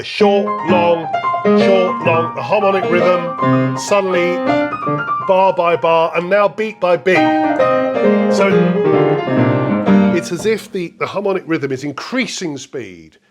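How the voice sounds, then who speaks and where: An English man lectures on music analysis as a professor, enthusiastic and explanatory, often thinking aloud. His voice is of middle pitch. Clear piano music plays behind him.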